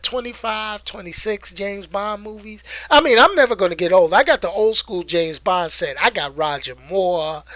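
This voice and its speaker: A young adult man hosting a casual live stream, animated and hyped, slangy and talkative. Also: high voice, no room sound. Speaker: host.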